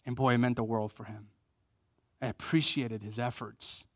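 A middle-aged man preaching a conversational sermon, repeating key phrases for emphasis and joking at his own expense, going soft and low for tender points. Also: steady tone, normal speed, no echo, clean studio sound. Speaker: pastor.

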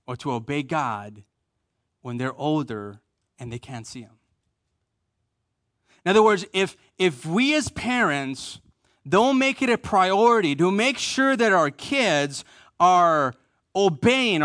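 A pastor with a high-pitched, fairly bright male voice preaches a sermon, recorded clean in a studio with no echo. He is emphatic, repeating key phrases for stress and leading the congregation in call and response.

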